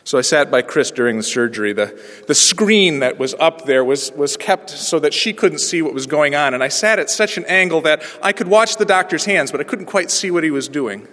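A pastor in his forties preaching a sermon through a personal story, moving from hushed, quiet passages to ringing proclamation. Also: fairly high pitch, animated, fairly quick. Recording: long reverb of a large hall.

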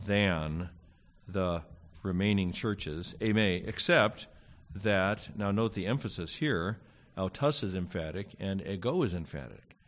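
A man teaching a Greek grammar class in a casual lecture, pausing often with fillers and dropping wry asides. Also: low voice, fairly bright tone.

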